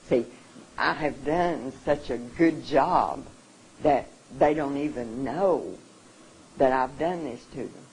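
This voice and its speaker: Slow, halting, emotional seminar speaker. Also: medium pitch, a little mellow, a little hiss or hum, poor audio. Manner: halting and earnest, often restarting; openly emotional. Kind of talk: emotional public talk. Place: seminar room.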